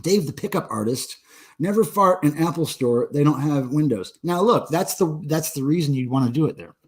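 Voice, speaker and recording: A man's voice: on the high side, animated, normal speed, husky. A man in his forties hosting a casual livestream, drinking beer and joking crudely with viewers in the chat. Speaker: livestream host.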